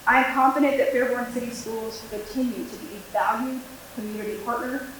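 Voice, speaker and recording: A woman's voice: fairly high pitch, steady tone, brisk, a bit bright. Middle-aged woman, projected teacher voice, formal speech, very echoey room with faint hiss. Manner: projecting teacher voice without a microphone. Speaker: military school liaison. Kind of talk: prepared public address. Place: school board meeting room.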